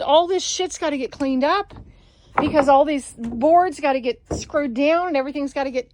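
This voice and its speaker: Woman vlogger, dog breeder, fed-up and foul-mouthed, pitched a bit high, phone mic outdoors. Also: normal speed. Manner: frustrated, swears constantly, ranting. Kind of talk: casual vlog walkthrough. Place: outdoors on a home deck.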